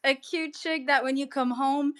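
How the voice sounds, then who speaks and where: A woman's voice: high voice, steady tone, moderate pace, fairly bright tone. A woman chatting casually as a guest on a live audio stream, giggling and acting out little quoted lines.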